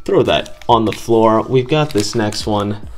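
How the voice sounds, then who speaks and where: Excited man opening trading cards. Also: on the low side, a little slow, faint music behind. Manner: excited, upbeat, addresses viewers. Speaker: card-opening video host. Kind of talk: casual chat to viewers.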